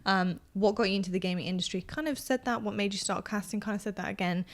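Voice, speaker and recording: Young woman casting esports, chatty and lively, talks fast and laughs a lot, casual podcast chat. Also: medium pitch. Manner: chatty, animated, quick to laugh. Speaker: esports caster and podcast co-host.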